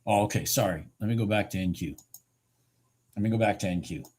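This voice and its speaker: A man's voice: fairly low pitch, a little fast, a little mellow, slightly rough. A man giving live trading commentary, muttering in frustration and urging the market on as he watches his charts. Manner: urges the market on with repeated pleas. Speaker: futures trader streaming live.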